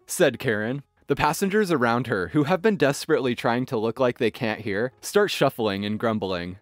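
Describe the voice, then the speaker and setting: A man narrating online stories in an expressive, scripted storytelling manner. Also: medium pitch, moderate pace, few pauses, dry recording. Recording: faint background music. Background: faint music.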